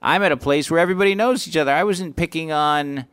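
A man who works as a stand-up comic, telling stories in casual chat and acting out the exchanges with sharp jumps in pitch. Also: quick pace, clean tone, no room sound. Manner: animated, acts out exchanges with rising pitch.

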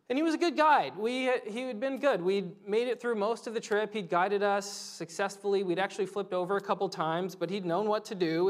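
A preacher in their thirties giving a conversational sermon, telling stories, laughing easily and pausing for quiet reflective asides. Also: mid-range voice. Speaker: pastor.

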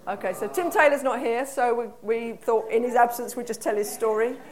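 An English woman with a fairly high voice preaches to a congregation. She talks in a conversational, earnest way and keeps asking the room questions. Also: a little fast. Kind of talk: sermon. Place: church hall.

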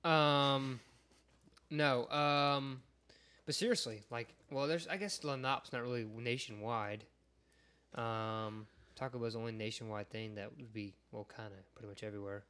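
A man's voice: medium pitch, steady tone, moderate pace, pushed and bright, clean tone. A man co-hosting a podcast in casual chat, easygoing and hesitant, with many fillers, recorded in a podcast studio. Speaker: podcast co-host.

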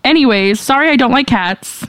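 A young woman in relaxed podcast chat, reading out listener letters and answering with frank, salty humor and frequent laughter. Her voice sits a little high, and the sound is close and dry with no room around it. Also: moderate pace, no echo. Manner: laughing, candid and profane, reads questions aloud.

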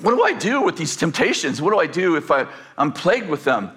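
A man's voice: on the high side, big pitch swings, a little fast, a bit bright. A man preaching a sermon as pastor, asking the congregation rhetorical questions and acting out quoted voices.

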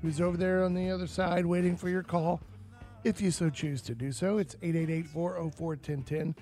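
High-voiced joking radio host. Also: male voice, steady tone, normal speed, mellow, soft background music. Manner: joking, reads sponsor plugs and call-in number. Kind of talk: live outdoors radio talk. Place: radio studio.

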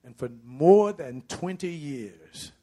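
A man's voice: on the high side, expressive, slow, warm tone. A middle-aged man preaching a sermon in a conversational storytelling way, slipping into the voices of the people he tells about.

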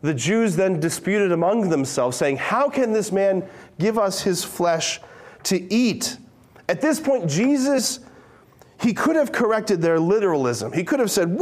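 A man preaching a conversational sermon. He reads scripture slowly and dramatically, then breaks into casual asides and quick questions to the listeners. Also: high-pitched, lively intonation, darkish tone.

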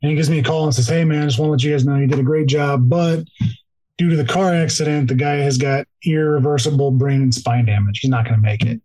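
Medium-pitched and steady, with a warm tone, this police officer speaks fast as a podcast guest sharing a moving first-person account. The audio is poor; he says "like" a lot, keeps restarting, and nearly cries at moments.

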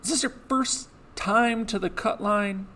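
A male podcast host introducing a golf betting show in an energetic, joking way. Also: high voice, unhurried, a little hiss or hum. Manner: energetic, playful hype.

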